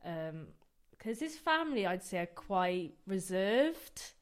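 A young woman, hungover, chatting on a podcast as a guest, telling candid, animated stories with swearing and laughter. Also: mid-range voice, slow pace. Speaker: guest dance instructor. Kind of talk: casual podcast chat.

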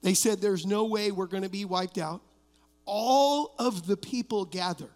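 A man's voice: high voice, measured pace, a little mellow. A middle-aged male pastor preaching an emphatic sermon, weaving personal stories into declarations. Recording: long reverb of a church hall.

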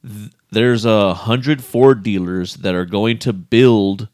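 A man co-hosting a podcast in casual chat, relaxed, laughing often and restarting his sentences. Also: on the low side, takes it slowly, dry recording, clean studio sound. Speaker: podcast co-host.

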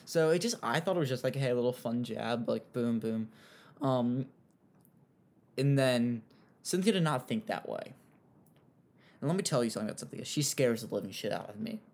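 A man's voice: medium pitch, moderate pace, pauses often. Rambling young man recapping gossip. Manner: rambling, heavy use of "like", animated asides. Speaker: commentary host. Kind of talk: casual drama commentary.

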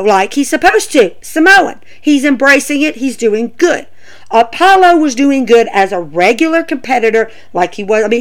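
Woman on her podcast ranting about wrestling, highish voice, swings all over the place. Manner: animated, ranting, lots of fillers. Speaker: podcast host. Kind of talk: casual wrestling commentary.

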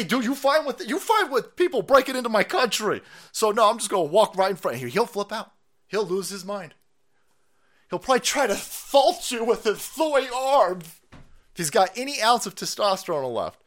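A male livestream host delivers combative political commentary in a fairly high voice. He sounds mocking and confrontational, and he swings between loud outbursts and low muttering asides. Now and then he stops to read viewer chat aloud.

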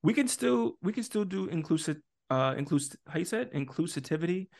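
Animated man, higher voice, casual podcast. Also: moderate pace, creaky. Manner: animated, emphatic, laughs often, restarts and asks for words. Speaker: podcast co-host; parent.

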